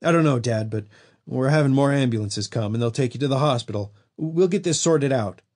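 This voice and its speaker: A man's voice: medium pitch, animated, moderate pace, darkish tone, breathy edge, pitched above the performer's own voice. A man voicing a distraught police chief pleading with his father, in an audiobook.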